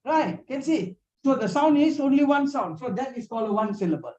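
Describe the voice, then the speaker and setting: A man's voice: very high-pitched, expressive, brisk, darkish tone. A man tutoring over a video call, patiently explaining grammar and often checking with "huh?" and "you see". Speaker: English tutor. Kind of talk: one-on-one online lesson. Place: personal meeting room, indoors. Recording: dull lo-fi video call audio.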